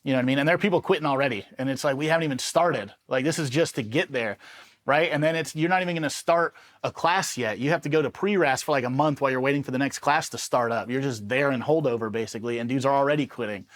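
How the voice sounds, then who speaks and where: A man from Los Angeles, a former Army Ranger, telling war stories in a casual, animated interview and swearing freely as he acts out the people he quotes. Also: mid-range voice, fast talker. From Los Angeles, USA. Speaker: Army Ranger veteran guest.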